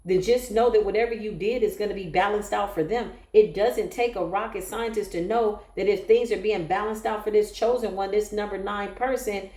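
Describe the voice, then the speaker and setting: A woman's voice: medium pitch, fairly even intonation, moderate pace, few pauses, mellow, roomy sound. A woman giving an emotional, emphatic spiritual tarot reading, often breaking into exclamations. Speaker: tarot reader.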